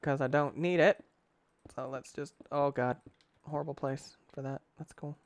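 A man giving excitable, rambling commentary on his gameplay, talking to himself and breaking into sudden shouts. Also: moderate pace, no echo. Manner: excitable, with sudden shouts and big pitch jumps. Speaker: gaming channel host. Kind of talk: let's-play gameplay commentary.

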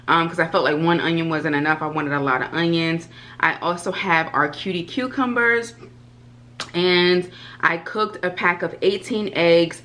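A woman food vlogger chatting casually and excitedly to her viewers while she eats at home. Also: low voice. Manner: excitable, chatty, addresses viewers as "you guys". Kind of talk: casual eating vlog.

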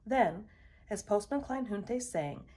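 A woman reading a children's picture book aloud in a measured storytelling voice. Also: medium pitch. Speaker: storybook reader.

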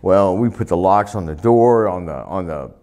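A retired wrestler telling profane, laughing stories in a sit-down interview, recorded on a lapel mic indoors. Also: male voice, sits low, moderate pace. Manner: profane, laughing, animated anecdotes. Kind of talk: storytelling shoot interview.

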